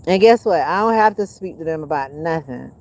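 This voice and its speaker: A woman hosting a livestream, giving her viewers a blunt, preachy and profane rant that swings between loud and hushed. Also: low voice, animated, brisk. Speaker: livestream host.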